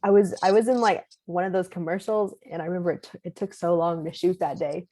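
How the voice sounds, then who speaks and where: A young actress chatting in a relaxed, hesitant way as a podcast guest, using lots of fillers and laughing easily. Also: female voice, lowish voice, fast. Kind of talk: casual interview.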